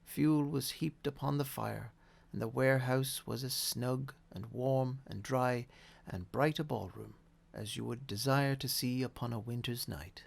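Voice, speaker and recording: Guy reading a classic storybook out loud, slow n gravelly. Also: medium pitch. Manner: measured, expressive reading. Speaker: audiobook reader. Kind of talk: storybook narration.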